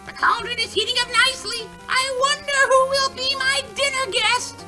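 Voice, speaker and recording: A man voicing a shrill, gleeful wicked old witch in a squeaky, sing-song falsetto. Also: steady tone, moderate pace, bright, forceful tone, faint music behind, exaggerated voice. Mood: gloating.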